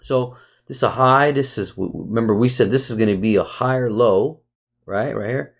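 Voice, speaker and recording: A man's voice: mid-range voice, normal speed, vocal fry. A man narrating a screen-share market review, casual and full of restarts, who turns into a profane, heated rant at his viewers. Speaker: trading educator.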